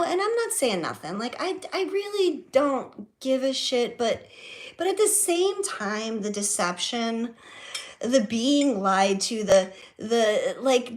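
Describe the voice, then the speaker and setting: Lively, emphatic middle-aged woman vlogging. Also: on the high side. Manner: emphatic, profane, rambling with fillers and repeats. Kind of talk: casual storytelling vlog. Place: her home.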